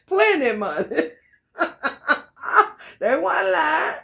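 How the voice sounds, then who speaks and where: Woman tarot reader, loose profane delivery, animated, laughs often, mid-pitched voice, talks straight to camera. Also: measured pace. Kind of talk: casual profane tarot reading monologue.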